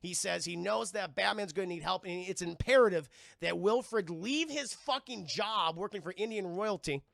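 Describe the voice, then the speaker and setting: A man streams a casual, profane scene-by-scene film recap and keeps talking to his chat as he rambles. His voice is fairly high, bright and gravelly, and the sound is dry and close. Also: dry recording.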